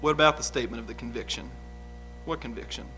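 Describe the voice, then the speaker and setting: A man's voice: mid-range voice, fast, pushed and bright, soft background music, close to an everyday voice. A man playing a young, uneducated outlaw on the witness stand, talking in a folksy, rambling, hesitant way. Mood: guarded. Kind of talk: improvised courtroom drama.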